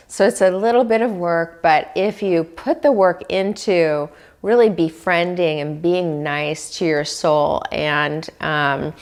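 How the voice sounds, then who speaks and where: A woman speaking as a wellness coach in a reflective self-help talk, gentle and questioning the listener as she goes. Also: lowish voice. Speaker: dietitian giving wellness tips.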